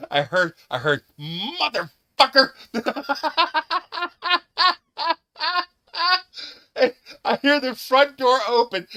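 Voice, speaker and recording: A man hosts a live stream in easy, casual storytelling chat. His voice is bright and sharp, and his pitch rises and falls a lot. He laughs often and swears freely.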